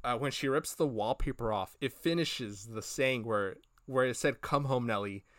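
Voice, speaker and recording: A man's voice: mid-range voice, moderate pace, dry recording. Guy cohosting a podcast, rambly and chatty, lots of likes and uhs, dry close sound. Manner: rambling, animated retelling with many fillers and acted quotes. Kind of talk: casual review chat.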